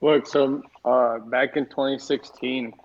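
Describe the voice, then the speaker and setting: A man's voice: mid-range voice, fairly even intonation, takes it slowly. A young man co-hosting a podcast, telling crude, laid-back stories in casual chat. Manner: profane, laid-back storyteller. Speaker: podcast co-host. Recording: dull lo-fi mic.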